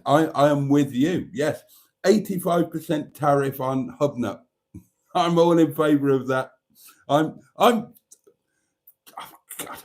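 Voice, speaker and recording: A man's voice: fairly high pitch, a little mellow. A man hosting a live stream, chatting casually and reading viewer comments aloud.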